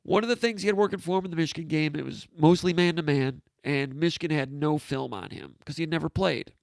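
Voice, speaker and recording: A man hosting a live sports talk show, chatting casually and offhand while answering viewer comments, his voice going hoarse. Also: fairly high pitch, quick pace, dry recording. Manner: rambling, offhand, with frequent fillers and asides.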